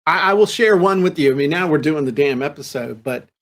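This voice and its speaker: Animated storytelling man, podcast host. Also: fairly high pitch, a little fast. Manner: animated storyteller who repeats words and restarts; laughs easily and jokes. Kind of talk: casual chat.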